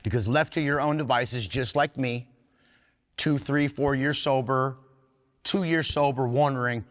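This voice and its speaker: At a recovery fellowship workshop, a man speaks earnestly and plainly, folksy and blunt with some cursing. His medium-pitched voice moves a little slowly, and the recording carries long hall reverb.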